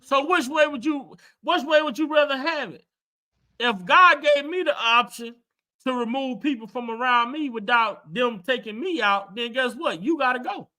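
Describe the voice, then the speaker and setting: A woman's voice: high voice, normal speed, bright, forceful tone. A woman in a casual livestream opinion chat, speaking fervently and repeating words as she testifies.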